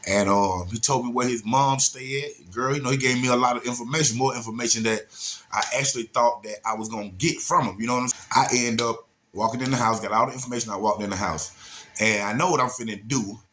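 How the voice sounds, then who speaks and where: A man's voice: mid-range voice, fast talker, fairly bright tone, a little hiss or hum. A man casually telling a story, laid-back and slangy, with many asides.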